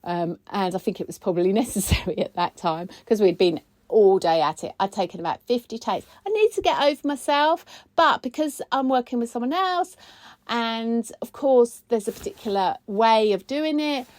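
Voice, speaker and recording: A woman, hosting a casual weekly chat. She talks in a chatty, expressive way, and her pitch jumps high when she gets excited. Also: normal speed, dry recording. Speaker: podcast host, spiritual coach.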